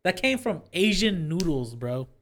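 A young man co-hosting a laid-back podcast, his voice pitched a bit high and swinging widely as he talks. He swears constantly and laughs often, in loose, casual chat. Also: a little slow. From Mexican-American. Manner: swears a lot, laughs easily, animated. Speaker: podcast co-host.

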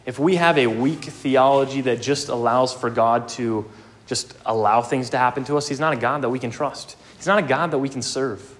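A man's voice: mid-range voice, normal speed. A young man preaching a sermon, earnest and emphatic, with casual asides.

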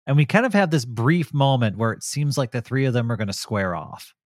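A man co-hosting a podcast recorded close and dry, with no room sound at all. He talks in a loose, casual review style, keen and often laughing. His voice sits at an ordinary middle pitch. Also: animated, fairly quick, dry recording. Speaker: podcast co-host. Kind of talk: casual episode review chat.

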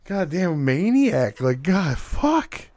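A man's voice: fairly high pitch, very animated, slow pace, a little mellow, dry recording, studio quality. A man in casual, profane podcast chat about wrestling, laughing often. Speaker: podcast co-host.

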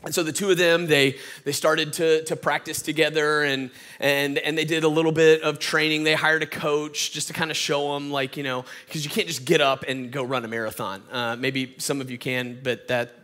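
A man's voice: a little high, little pitch movement, moderate pace, few pauses, sharp tone. A man with a Southern accent from Atlanta, a guest pastor giving a folksy, conversational sermon full of fillers and restarts. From Atlanta, Georgia.

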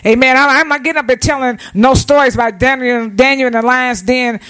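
A woman's voice: sits high, a little fast, a bit bright, clear, resonant tone, poor audio. A woman preacher delivering a down-to-earth, conversational sermon in church, calling for amens from the congregation. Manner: folksy, down-to-earth preaching with call-and-response.

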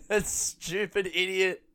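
A man's voice: sits high, fairly even intonation, takes it slowly, fairly bright tone, smooth. A young man, a comedian, chatting casually on his podcast, rambling and laughing a lot and swearing freely. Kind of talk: casual chat.

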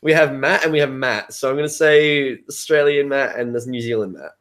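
A man's voice: medium pitch, fairly quick, fairly bright tone. A man hosting a podcast in casual chat, playful and laughing often. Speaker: podcast host.

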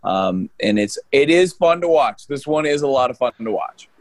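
A Canadian man co-hosts a casual podcast in a mid-range voice with lively intonation at a normal speed. His talk is loose and rambling, full of fillers and restarts.

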